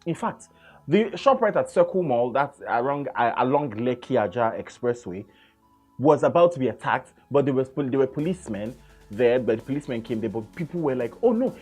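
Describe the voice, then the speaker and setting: A man with a Nigerian accent hosting a radio show, talking in an animated, casual way and repeating words for emphasis. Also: medium pitch, fairly quick, husky, soft background music. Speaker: radio host.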